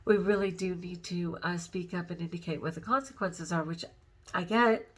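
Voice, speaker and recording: A woman's voice: lowish voice, fairly even intonation, moderate pace, fairly bright tone, slightly rough. Giggly, rambling woman vlogger. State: overtired and upset. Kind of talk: casual personal vlog.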